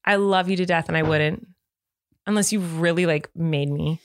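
A woman's voice: lowish voice, fairly even intonation, moderate pace, no echo, clean studio sound. A woman in her thirties co-hosting a podcast, chatting casually, giggly and rambling. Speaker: podcast co-host. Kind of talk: casual chat.

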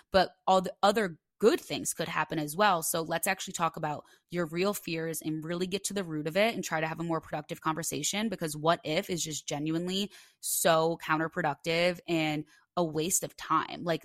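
A woman's voice: deep voice, fairly bright tone, no echo, studio quality. A young woman hosting a podcast, talking on her own in a chatty way and saying "like" a lot. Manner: chatty, heavy use of "like". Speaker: podcast host. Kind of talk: solo podcast monologue with a read ad.

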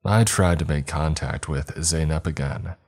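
A man narrating a scary story in a steady, measured way. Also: extremely low pitch, husky. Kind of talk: scripted horror story narration.

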